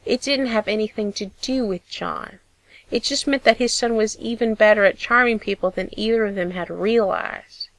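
A woman narrating a story in a measured, expressive reading style on a close mic. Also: mid-range voice, no room sound. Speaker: audiobook reader.

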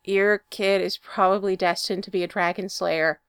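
A woman's voice: medium pitch, fairly even intonation, normal speed, clean tone, no echo, close to an everyday voice. A woman voicing a nervous, defensive adult man with a scratchy throat in a storybook reading.

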